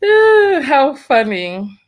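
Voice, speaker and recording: A woman's voice: high voice, sing-song, drawn-out words. A woman hosting a casual livestream, reading donations aloud, laughing often and exclaiming "oh my Lord" and "have mercy.". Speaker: livestream host.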